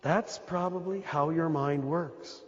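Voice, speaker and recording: A slow-speaking man with a somewhat high, breathy, throaty voice, an American Catholic priest, gives a spiritual talk to a live audience in a large hall. The sound is roomy with the highs cut off, and he talks directly to listeners, emphatic and repeating his points.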